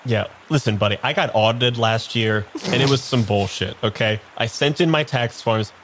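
A man's voice: mid-range voice, normal speed, fairly bright tone, slight background noise, close to an everyday voice. A man voicing a giant male bridge troll who is weary and grumbling, talking in a frank, rambling, complaining way.

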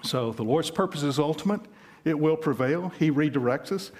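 A man's voice: fairly high pitch, normal speed, darkish tone. Conversational Southern preacher man. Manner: conversational preaching with illustrative stories. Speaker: pastor. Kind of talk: sermon.

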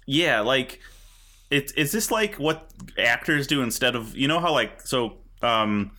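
A man's voice: medium pitch, expressive, measured pace, bright, forceful tone. A man co-hosting a podcast, riffing in casual banter and rambling with fillers. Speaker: podcast co-host.

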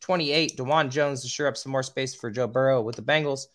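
A man hosting a casual podcast who stumbles over names and swears now and then, with a voice he calls squeaky. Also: steady tone, a little fast, fairly bright tone. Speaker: podcast host.

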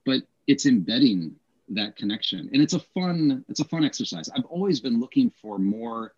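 Male co-host, husky, emphatic explainer, muffled lo-fi sound. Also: medium pitch, sing-song, darkish tone. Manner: emphatic, explains with quick acted examples. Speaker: podcast co-host, English teacher. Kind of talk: casual teaching podcast chat.

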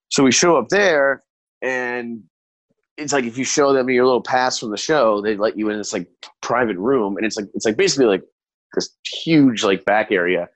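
A man's voice: on the low side, no echo, low-quality recording. A hungover man co-hosting a podcast, telling a rambling, profane story between laughs and hiccups. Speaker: podcast co-host. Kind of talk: casual comedic storytelling.

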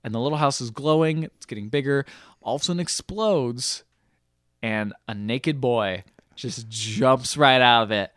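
A man co-hosting a podcast, casually retelling a movie plot in an animated way, often laughing and acting out the characters' lines. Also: mid-range voice, normal speed, no room sound, clean studio sound. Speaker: podcast co-host. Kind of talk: casual movie recap chat.

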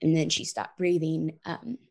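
Woman, 30s, interview guest; earnest reflective storyteller, low voice with vocal fry. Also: a little slow. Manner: earnest, reflective, frequent "like" and "you know".

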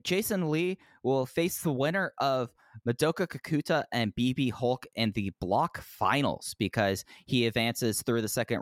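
A man's voice: medium pitch, dry recording. A man with a mid-range voice co-hosting a podcast. He talks energetically and scatters fillers through his sentences. The recording is dry and close. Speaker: podcast co-host. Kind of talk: casual chat, wrestling review.

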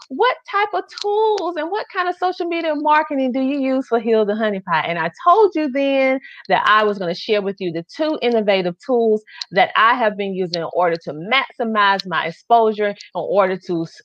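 A woman with a Southern accent hosting a live online business show, talking with excited, gushing emphasis. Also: mid-range voice, dry recording, lo-fi sound. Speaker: host.

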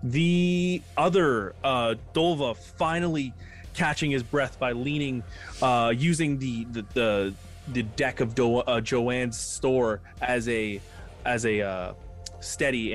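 A man narrating combat as game master in a loose, casual way, with fillers and restarts, counting dice out loud. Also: mid-range voice, slow, faint music behind.

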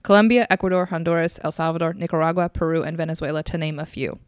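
A young woman with a fairly low voice chats casually as a podcast co-host. She talks loosely, laughs often and swears freely. The recording is dry and close. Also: little pitch movement, fast talker, dry recording. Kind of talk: casual chat.

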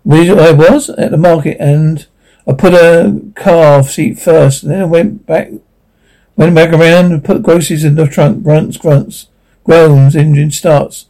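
A man's voice: on the high side, steady tone, a little slow, dark tone, poor audio. An actor playing a stern, protective middle-aged father who talks firmly in a TV drama. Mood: recounting. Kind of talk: TV drama acting.

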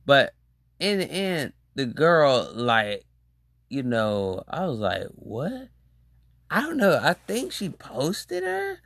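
Young adult host, rambling slangy storyteller, pitch jumps all over, dry close sound. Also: slow pace, creaky, dry recording. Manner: rambling and slangy, with animated exclaimed reactions. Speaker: podcast host. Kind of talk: casual storytelling monologue.

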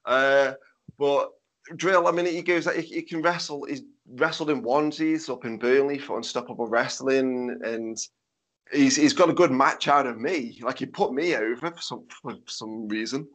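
A man's voice: medium pitch, moderate pace, a bit bright. A man, a guest on a podcast, talking casually with many "like" and "I mean" fillers over a Skype call. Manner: laid-back, lots of "like" and "I mean" fillers. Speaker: wrestler guest.

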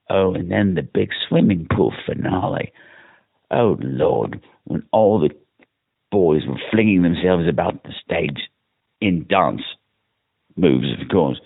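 A man's voice: fairly low pitch, creaky, husky. Drunk man in a campy mock British accent. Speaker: podcast host leaving himself a voicemail. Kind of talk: drunk voicemail monologue. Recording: tinny phone voicemail.

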